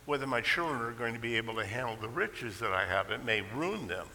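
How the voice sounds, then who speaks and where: A man's voice: medium pitch, expressive, a little fast, sharp tone, long reverb tail, a little hiss or hum, rough recording. A preacher voicing a prosperous king who frets about his children, hesitant and uneasy. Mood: worried.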